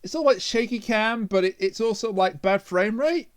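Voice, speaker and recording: A man's voice: sits high, normal speed, clean tone. A man hosting a podcast in casual chat, joking and sounding incredulous. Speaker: podcast host.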